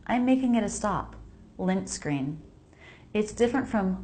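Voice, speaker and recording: An American woman teaching English pronunciation, slowly repeating each word for the listener to copy. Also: mid-range voice, lively intonation, warm tone. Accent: General American. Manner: slow, precise, repeats words for practice. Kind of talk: pronunciation lesson voice-over.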